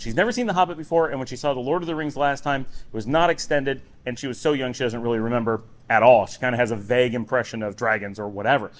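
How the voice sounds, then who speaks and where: A man talking through his day in a relaxed, rambling daily vlog, recorded in his home office on a recorder sitting on a table. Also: mid-range voice. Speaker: vlogger. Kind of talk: casual daily vlog talk.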